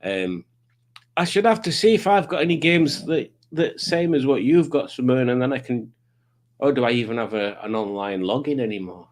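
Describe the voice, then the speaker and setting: A man in the middle of a casual live stream, chatting away in a loose, rambling manner. His pitch sits right in the ordinary middle range, and he jokes easily while he greets the people in the chat. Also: animated, moderate pace. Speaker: livestream host. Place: home streaming setup with lights.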